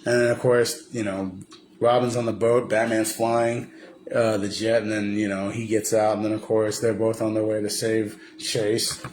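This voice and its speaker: A man's voice: lowish voice, little pitch movement, normal speed, a little mellow, slight background noise. A man casually recapping a film for a video, rambling with lots of fillers and restarts. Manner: rambling, many fillers and restarts, slips into impressions. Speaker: vlogger.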